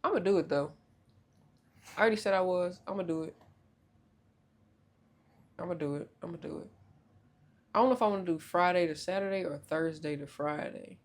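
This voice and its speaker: A young woman hosting a podcast in casual chat, loud, joking and profane, with big swoops in pitch. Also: brisk, pauses often. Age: young adult. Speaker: podcast host.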